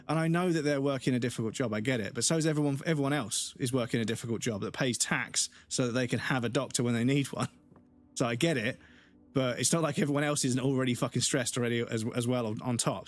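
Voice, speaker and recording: A man with a British accent chatting casually on a live stream, ranting with heavy swearing, his nose blocked up and his throat needing constant clearing. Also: medium pitch.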